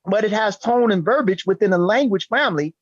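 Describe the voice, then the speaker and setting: A man from Chicago with a Chicago African American accent, talking in an animated, slangy way and often repeating words at the start of sentences. His voice is a little husky. The recording is dull and dry, as if it came from a modest mic in a dead room. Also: sits high, brisk, no room sound. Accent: Chicago African American English. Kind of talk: casual discussion.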